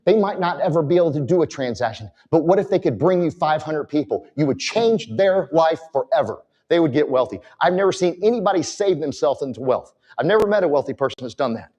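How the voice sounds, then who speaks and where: A man's voice: fairly high pitch, lively intonation, brisk, few pauses, a little mellow. A man giving a motivational talk from a conference stage, emphatic and direct with the audience. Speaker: conference speaker.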